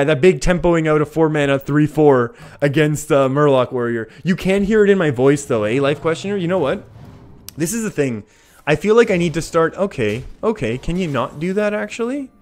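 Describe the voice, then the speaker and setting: A young Canadian man streaming live, chatting through his gameplay, laughing often and answering viewers' messages. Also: mid-range voice. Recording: faint music behind.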